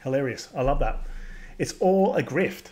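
A man's voice: fairly high pitch, expressive, moderate pace, dark tone. A man with an Australian accent hosts a reaction video and delivers a crude, sarcastic, heated rant. He swears constantly and talks straight to his viewers. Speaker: commentary channel host.

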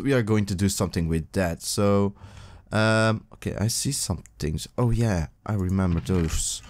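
This man's voice sits fairly low. He's playing a game for his own video, talking into a desk mic with loose, filler-heavy let's-play commentary that bursts into excited yelps now and then.

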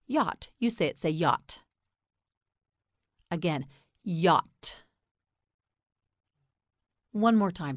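Slow, patient American woman teaching words. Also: lowish voice, dry recording, studio quality. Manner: repeats words slowly and asks the listener to say them back. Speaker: English pronunciation teacher. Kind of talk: slow, clear scripted lesson narration.

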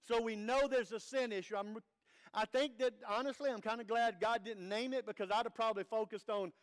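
A man's voice: very high-pitched, brisk. A man preaching an earnest, conversational sermon as pastor, with rhetorical questions to the congregation.

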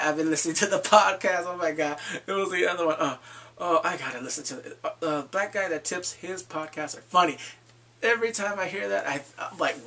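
A man casually recapping a TV episode in a vlog, excitable and profane, jumping into the characters' lines as he goes. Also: sits high, fairly quick. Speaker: TV episode reviewer.

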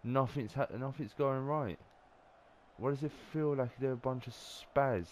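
A man's voice: medium pitch, a little slow. A young man ranting and swearing while playing a football video game. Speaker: gamer. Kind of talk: angry gameplay commentary.

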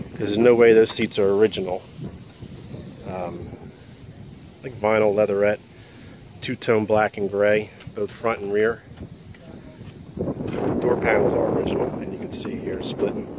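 Low-voiced man talking around a cigar. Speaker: car seller. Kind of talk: casual walkaround video. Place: outdoors by a car, then inside it. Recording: outdoor street and engine noise.

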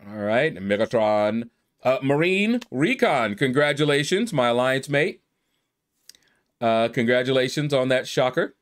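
A man giving relaxed, casual game commentary as he reads through a leaderboard, congratulating players and playing with their names. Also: mid-range voice, a little slow, smooth. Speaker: gaming YouTuber.

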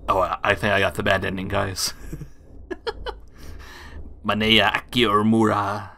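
A man's voice: on the low side, little pitch movement, takes it slowly, creaky, sharp tone. A young man giving casual, slangy, jumpy commentary while playing a horror game. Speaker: gaming streamer.

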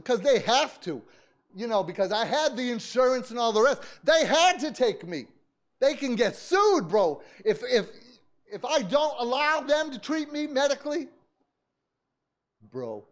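A man, a pastor, telling a story in a sermon, dropping to hushed asides, shouting prayers and laughing often. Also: very high voice, big pitch swings, a little slow. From United States. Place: church service.

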